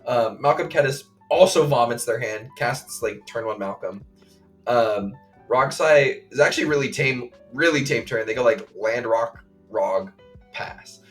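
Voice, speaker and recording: A man co-hosting a podcast, recounting a game play by play in casual chat, full of fillers and quick acted quotes. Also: mid-range voice, soft background music. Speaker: podcast co-host.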